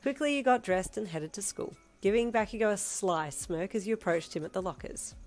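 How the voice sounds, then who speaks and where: A woman narrating a fan story in a steady storytelling read. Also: medium pitch, brisk, few pauses, soft background music. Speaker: fanfiction reader.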